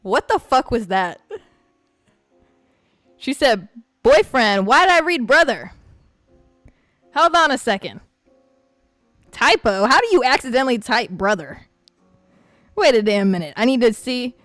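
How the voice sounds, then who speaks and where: A woman hosting a podcast in casual chat, brash and excitable, swearing freely. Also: on the high side, a little slow, pauses often, dry recording, soft background music. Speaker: podcast host.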